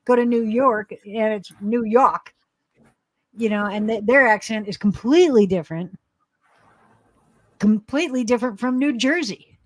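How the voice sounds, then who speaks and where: A woman's voice: fairly high pitch, normal speed, pauses often, no echo. A woman from Alabama with an Alabama accent, chatting casually on a livestream, rambling, laughing often and swearing now and then. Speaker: livestream co-host. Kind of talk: casual chat.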